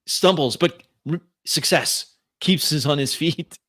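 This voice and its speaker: Male GM, slow unhurried narration, bright voice. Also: fairly high pitch. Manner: measured, descriptive, with uh fillers. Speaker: game master. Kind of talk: narrating a tabletop game.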